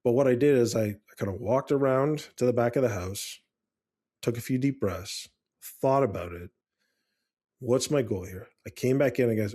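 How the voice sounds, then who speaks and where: A middle-aged man co-hosting a parenting podcast, talking calmly and earnestly, telling personal stories with frequent restarts. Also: mid-range voice, moderate pace. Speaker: podcast co-host. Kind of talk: casual podcast chat.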